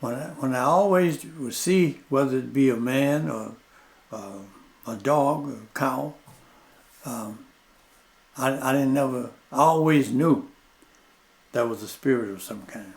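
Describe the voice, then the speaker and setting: An older man, a plainspoken interview guest telling stories slowly and repeating his points. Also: mid-range voice, gravelly, darkish tone. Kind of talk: storytelling in casual conversation.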